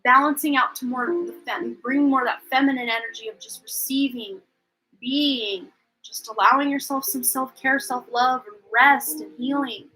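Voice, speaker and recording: Woman tarot reader on a live stream; high, sharp-toned voice, chatty, rambling, pokes fun at herself. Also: steady tone, moderate pace, soft background music, low-quality recording. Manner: chatty and rambling, often unsure; self-deprecating, laughs at herself.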